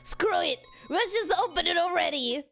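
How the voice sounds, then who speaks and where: A woman voicing a gruff, blunt teenage monster girl from a video game, in a lower, teasing drawl. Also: animated, normal speed, a bit bright, faint music behind, exaggerated voice.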